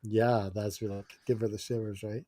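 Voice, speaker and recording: A man's voice: lowish voice, little pitch movement, a little fast, dark tone, no echo. A man co-hosting a casual podcast, telling stories and laughing often as he acts out quoted lines. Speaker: podcast co-host. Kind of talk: casual chat.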